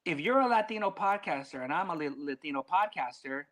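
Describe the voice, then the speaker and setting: A man as a podcast guest in casual chat, talking bluntly with lots of swearing and animated swings in delivery. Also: a little high, a little fast, crowd noise.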